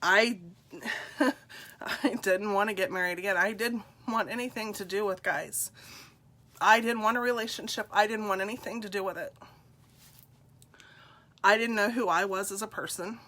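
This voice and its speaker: A middle-aged woman, congested, sharing a personal story on a live stream in a slow, heartfelt, confiding way and greeting viewers by name. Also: mid-range voice, pushed and bright.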